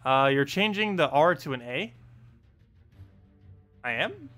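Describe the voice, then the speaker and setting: A male game streamer in loose, casual chat. His pitch swings animatedly as he laughs and plays with words, and faint music runs under his voice. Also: very animated, takes it slowly, long pauses, fairly bright tone. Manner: playful, laughs often, keeps repeating a word to test his pronunciation.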